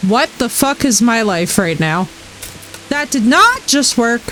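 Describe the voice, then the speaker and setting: A high-voiced woman streams a game live, laughing often and swearing freely as she reacts. She talks to her chat in an unhurried, playful way. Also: soft background music, rough recording. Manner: animated, laughing, swearing, chatting with viewers. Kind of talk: live gameplay commentary.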